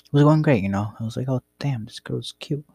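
A man's voice: mid-range voice, fairly quick, vocal fry, dark tone, breathy edge, dry recording. A young man casually telling a rambling, profane story about his past. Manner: rambling, profane, laid-back.

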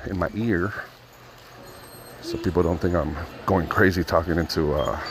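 A man's voice: deep voice, normal speed, background noise. A man vlogging casually while out shopping, talking into a phone held to his ear, rambling and swearing freely as he tells a story. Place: inside a large store.

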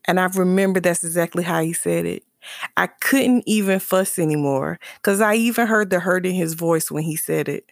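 A woman's voice: on the low side, normal speed, vocal fry, no echo, clean studio sound. A woman candidly telling a personal story about her son and his father, earnest and emotional, often restarting and repeating phrases. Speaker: mother sharing a personal story.

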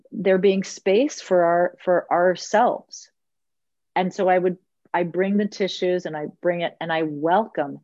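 A woman with a lowish voice who tells earnest, reflective stories and acts out the lines of the people in them. The recording is dry and a little dull, like lo-fi audio. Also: darkish tone, no room sound. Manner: earnest, reflective storyteller, acting out quotes. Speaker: podcast guest, circle facilitator. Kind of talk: podcast conversation.

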